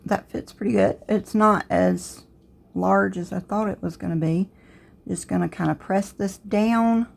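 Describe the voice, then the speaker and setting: A woman's voice: medium pitch, a little slow, creaky. A middle-aged woman with a Southern US accent who talks through a crafts tutorial step by step and thinks aloud as she works. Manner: relaxed, thinking aloud while working. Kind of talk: casual step-by-step tutorial narration.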